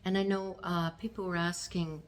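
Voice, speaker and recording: A woman in her sixties from Canada, hosting her own vlog and talking to the camera in a gentle, unhurried way with fillers. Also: fairly low pitch, flat delivery. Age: 60s. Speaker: vlog host. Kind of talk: casual talk to camera.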